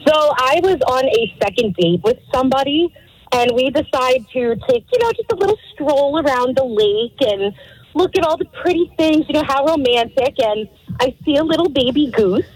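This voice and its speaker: A woman calling in to a radio show and telling a funny story in a giggly, animated way. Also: high-pitched, normal speed, husky, no room sound, low-quality recording. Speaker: radio caller.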